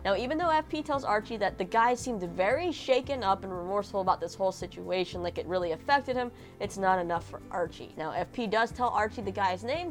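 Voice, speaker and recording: A woman talks through a TV episode recap in a chatty, heartfelt way, stumbling through restarts and fillers as she goes. Her pitch sits in an ordinary middle range. Soft music plays faintly behind her. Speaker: show recap host.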